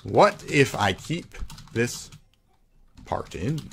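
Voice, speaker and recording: A man's voice: medium pitch, sing-song, very slow, vocal fry, a little hiss or hum. A man streaming a cartoon game, reading other players' chat aloud and answering it with mocking sarcasm. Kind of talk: live gameplay commentary.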